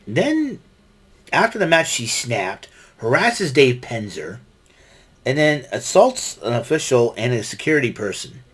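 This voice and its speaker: A man's voice: medium pitch, a bit bright, husky. A man giving a casual solo wrestling recap, rambling with many fillers and restarts.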